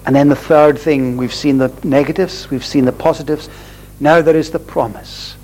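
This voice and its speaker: Male preacher, slightly high voice, deliberate and emphatic delivery, faint hum behind. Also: steady tone, mellow, rough recording. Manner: deliberate, emphatic, repeating phrases with rising stress. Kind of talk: sermon.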